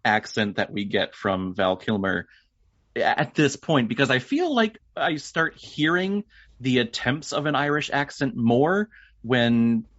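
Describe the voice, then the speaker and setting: A man co-hosting a casual film podcast, talking in a lively way. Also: medium pitch, measured pace, dry recording. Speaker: podcast co-host. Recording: dry, dull lo-fi audio.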